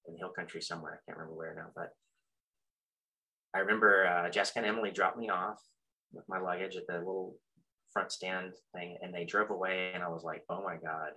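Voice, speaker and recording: A middle-aged man telling a personal story in a halting, reflective way, full of fillers and restarts, with soft self-deprecating chuckles. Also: low-pitched, level tone, rough recording. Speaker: practitioner sharing his story.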